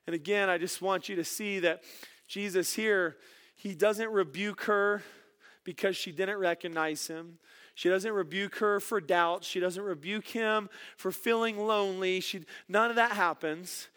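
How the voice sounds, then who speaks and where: A man preaching a sermon as a pastor, animated and emphatic, dropping soft at times and often repeating words. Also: high voice, a little slow.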